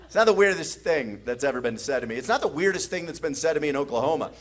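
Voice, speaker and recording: Fast and a little high in pitch, this Midwestern comic performs stand-up at a club before a laughing audience. He acts out drunk strangers from his stories with mumbled voices in an animated way, and there's slight noise in the background.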